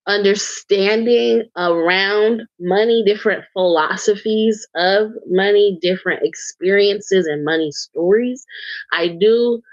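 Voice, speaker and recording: A woman's voice: medium pitch, no room sound, highs cut off. A woman co-hosting a podcast, recapping a show in loose casual chat, swearing and laughing as she rambles with fillers. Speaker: podcast co-host.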